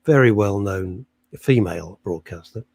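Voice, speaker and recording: A middle-aged man co-hosts a radio show, bantering in a teasing, jokey way and quick to mock his partner. His voice is on the low side with a darkish tone and no echo, recorded at a home setup with a loud industrial fan behind him.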